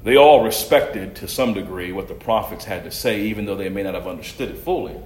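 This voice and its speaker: A man preaching a sermon and reading scripture aloud, swinging from loud, raised passages to soft asides. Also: fairly low pitch, brisk. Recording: echoey room.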